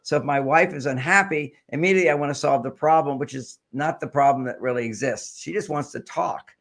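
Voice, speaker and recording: A man's voice: fairly high pitch, a little fast, creaky, a bit bright. An older man, a guest author, explaining relationship ideas with generalizations and stories in a talk show interview.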